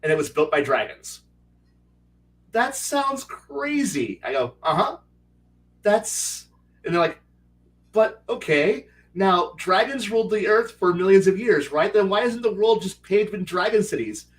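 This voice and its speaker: A man in casual chat who tells stories from running his tabletop game. He rambles and restarts often, slipping into quick voices for his players. His voice sits a little high and sounds somewhat distant from the mic. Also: lively intonation. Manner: rambling, many restarts, acts out players' lines. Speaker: game master.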